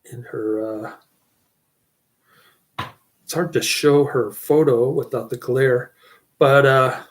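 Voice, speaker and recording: A man's voice: mid-range voice, takes it slowly, a little hiss or hum. A middle-aged man giving a casual, rambling channel update, often breaking into chuckles. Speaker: channel host.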